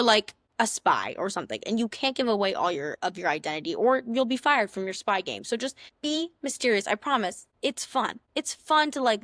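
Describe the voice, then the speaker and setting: A woman's voice: on the high side, a bit bright, no room sound, studio quality. Chatty young woman giving dating advice. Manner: chatty, sassy, playful big-sister tone, acts out little scenes in other voices. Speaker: podcast host. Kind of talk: casual advice talk.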